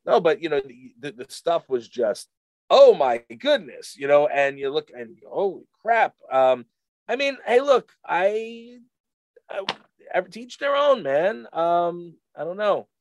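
A middle-aged man co-hosting a casual chat, rambling and halting with many restarts. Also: on the high side, big pitch swings, no room sound, highs cut off. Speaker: podcast co-host.

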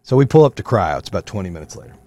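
A man in his thirties or forties hosting a podcast, ranting with lots of profanity in a fired-up motivational way, then dropping to a low, quieter voice for stories. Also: big pitch swings, rapid-fire, no room sound. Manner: swings from loud rants to low, quieter storytelling. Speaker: podcast host. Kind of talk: casual monologue.

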